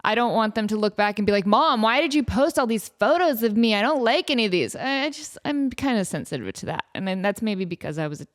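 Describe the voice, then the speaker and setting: A woman in her thirties hosting her own podcast, talking casually with frequent laughs and fillers. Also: mid-range voice. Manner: chatty, laughing, lots of fillers. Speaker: podcast host. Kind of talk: casual chat.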